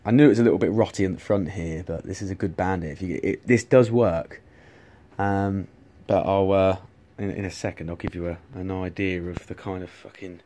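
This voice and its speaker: A man's voice: sits low, warm tone. A man chatting casually to camera, rambling with many restarts and casual swearing. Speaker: vlogger showing arcade machines.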